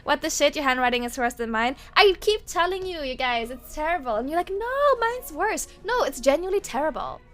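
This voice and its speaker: Woman streamer, high voice, casual rambling chat, quick laughs, light swearing, faint soundtrack music behind. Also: expressive, a bit bright. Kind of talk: casual livestream chat, reading chat aloud. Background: faint game-soundtrack music.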